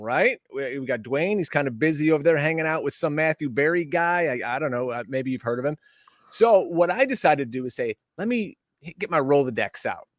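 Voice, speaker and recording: A man's voice: fairly high pitch, no room sound. Upbeat chatty man hosting, dry close sound. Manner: upbeat, chatty, promo-style plugs. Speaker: podcast host. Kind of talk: lively show hosting, casual banter.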